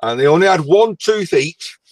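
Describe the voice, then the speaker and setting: A man's voice: fairly high pitch, expressive, normal speed, a little mellow, poor audio. A man from Lancashire with a northern English accent, telling stories in casual chat with dry humor. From Lancashire, England. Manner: chatty storyteller, dry humor.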